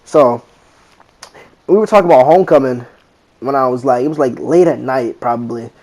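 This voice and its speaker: A man's voice: medium pitch, a little fast. A teenage boy casually telling a rambling story in slangy talk, acting out what people said. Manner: slangy, rambling, animated retelling with quoted voices. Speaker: vlogger.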